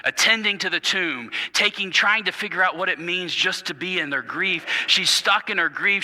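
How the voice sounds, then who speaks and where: Pastor, male, bright ringing voice, tells the story with dramatic hushes and stumbles, recorded in a big echoing sanctuary. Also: high voice. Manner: stumbles and repeats words. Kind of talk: sermon. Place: church sanctuary. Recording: reverberant church hall.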